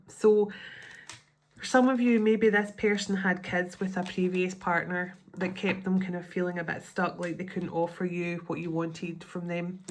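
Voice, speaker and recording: A woman's voice: fairly low pitch, fairly even intonation, unhurried, a little hiss or hum. A woman giving a tarot card reading. She thinks aloud in a chatty way and often restarts her sentences. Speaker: tarot reader.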